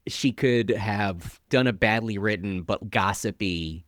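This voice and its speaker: A man's voice: on the low side, unhurried, a bit bright, dry recording, studio quality. A man chatting casually on a podcast in a laid-back, wry way. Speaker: podcast host. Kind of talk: casual chat.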